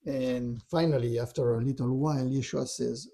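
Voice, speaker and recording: A man telling a spiritual story in relaxed conversation, often adding "you know" and "right". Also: medium pitch, normal speed, vocal fry. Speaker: storyteller guest.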